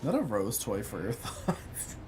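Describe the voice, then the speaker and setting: Campy, animated male streamer. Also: lowish voice, unhurried, background noise. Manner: campy, playful, reads chat aloud; laughs often, yells when excited. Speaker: livestreamer. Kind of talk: casual livestream chat while gaming.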